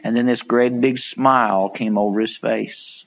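A man preaching a sermon, telling stories and acting out quotes, climbing to loud pleading peaks. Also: mid-range voice, fairly even intonation, unhurried, creaky, highs cut off.

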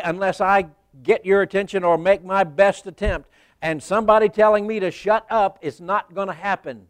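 Smooth-voiced male preacher telling a story. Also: high-pitched, steady tone, moderate pace, no room sound. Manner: folksy storytelling, talks right to the congregation, rises to loud emphasis. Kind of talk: sermon.

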